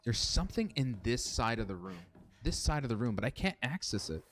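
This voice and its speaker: Very animated and fairly quick, this gaming streamer speaks at medium pitch. The young man plays a horror game on stream, chatting loosely, cursing, and replying to his viewers in let's-play style.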